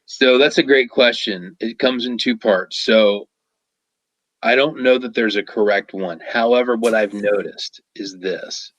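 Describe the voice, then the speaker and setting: Guest: relaxed male artist, lowish voice, storyteller, dry close sound. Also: no room sound, low-quality recording. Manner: laid-back, storytelling with acted-out quotes. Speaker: guest illustrator. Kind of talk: casual chat.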